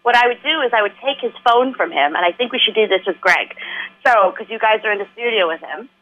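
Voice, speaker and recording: A woman with a Long Island accent, bantering and teasing loudly in a casual radio chat. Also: on the high side, expressive, fast talker, phone-quality sound. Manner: loud, laughing, teasing.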